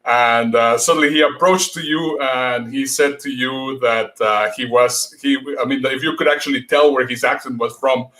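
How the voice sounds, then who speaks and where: A man's voice: medium pitch, fairly even intonation, moderate pace, few pauses, bright, forceful tone. A man hosting a casual chat, hesitant with many fillers and frequent laughter. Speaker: host.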